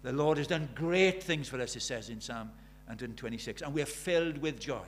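A middle-aged man preaching a sermon. He drops to near-whispers and then rises to loud, urgent questions. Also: medium pitch, animated, normal speed, a little hiss or hum. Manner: swings from hushed intimacy to loud urgent questions.

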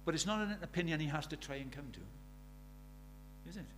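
A middle-aged man preaching a sermon. He drops to near-whispers and then rises to loud, urgent questions. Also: on the high side, fairly quick, slight background noise. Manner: swings from hushed intimacy to loud urgent questions.

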